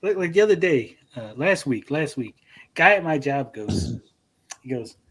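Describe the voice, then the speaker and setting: A man's voice: medium pitch, big pitch swings, unhurried, fairly bright tone, slightly rough. A man co-hosting a livestream podcast, talking bluntly and profanely and mocking people with put-on quotes. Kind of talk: profane, blunt casual chat.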